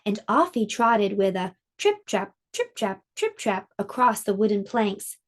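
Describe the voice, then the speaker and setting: A woman's voice: mid-range voice, big pitch swings. A woman teaching a preschool lesson online, explaining a science activity and reading a storybook aloud to small children. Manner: sing-song and slow, explaining to small children.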